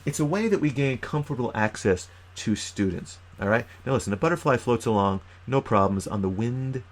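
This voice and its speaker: A man giving an animated, emphatic youth ministry training talk, with sudden loud bursts. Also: mid-range voice, fairly quick. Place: lives in New York.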